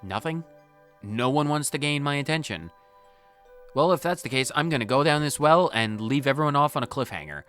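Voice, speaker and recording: Male let's-play host, mid-pitched and joking, reading game text aloud over soft game music. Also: animated, a little fast. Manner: playful, reads game dialogue aloud and ad-libs jokes. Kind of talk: casual gameplay commentary.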